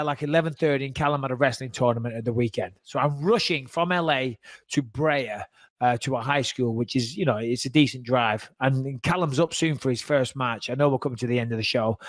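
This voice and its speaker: A middle-aged man hosting a podcast, telling a story in casual chat, lively and swearing freely. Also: medium pitch, no room sound. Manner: animated, swears freely, acts out voices in anecdotes. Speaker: podcast host.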